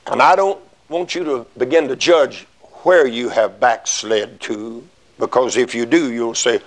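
A man preaching a sermon in a folksy way, swinging from low, quiet asides to loud shouted emphasis. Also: normal speed. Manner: folksy, rises to shouting emphasis, acts out little dialogues.

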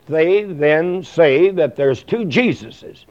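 A man's voice: high-pitched, expressive, slow pace, few pauses, a little mellow. A man preaching a sermon in a folksy, rambling way, full of fillers and plain talk. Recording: dull lo-fi recording.

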